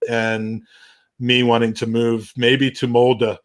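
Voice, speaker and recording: A man's voice: medium pitch, level tone, slow pace. A man hosting a casual football podcast, rambling with many restarts and dry, wry humor. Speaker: podcast host.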